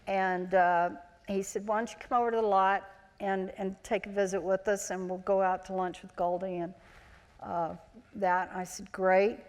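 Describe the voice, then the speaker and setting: A woman's voice: mid-range voice, smooth. Woman in her sixties telling stories in a hall. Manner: chatty, animated, acts out quoted voices. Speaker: interview guest, former child actor. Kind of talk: anecdotal storytelling on stage. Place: large auditorium, live event. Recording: live hall with long reverb.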